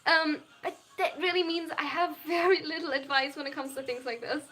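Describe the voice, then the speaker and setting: A high-pitched young woman with a German accent runs a live stream Q&A. Her voice is bright and ringing. She reads viewers' questions aloud and answers each one frankly, speaking English although German is her first language. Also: steady tone, fairly quick.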